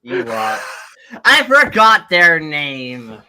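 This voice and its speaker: A woman's voice: low voice, sing-song, extremely slow, bright, forceful tone. A woman co-hosting a casual review podcast, playful and laughing often. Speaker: podcast co-host.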